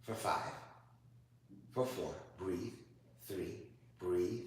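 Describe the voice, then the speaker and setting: Low-voiced man coaching yoga from afar. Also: very slow. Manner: encouraging, repeats "you got this". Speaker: yoga teacher. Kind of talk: coaching a one-on-one yoga class. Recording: echoey room from far off with faint noise.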